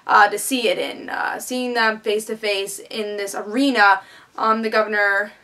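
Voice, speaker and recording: A woman's voice: medium pitch, fairly even intonation, normal speed, sharp tone. A woman giving a casual, eager TV episode review, chatty and full of fillers. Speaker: TV show reviewer.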